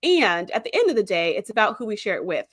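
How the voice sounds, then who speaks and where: A woman's voice: medium pitch, big pitch swings, a bit bright, no room sound, studio quality. A woman hosting a podcast, chatting enthusiastically about a TV series and reading out live chat comments. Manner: chatty and enthusiastic, with frequent fillers and quick asides. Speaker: podcast host.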